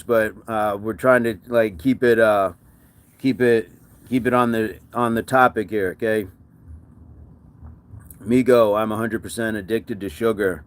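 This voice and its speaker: A man's voice: on the low side, fairly even intonation, measured pace, long pauses. A man hosting a fitness livestream, chatting casually and answering viewer comments with encouragement.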